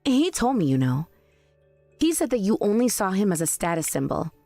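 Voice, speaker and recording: Woman as a sarcastic young wife, cool and cutting, lively pitch. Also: normal speed, no room sound, faint music behind. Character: cold, blunt young wife confronting her mother-in-law. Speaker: daughter-in-law.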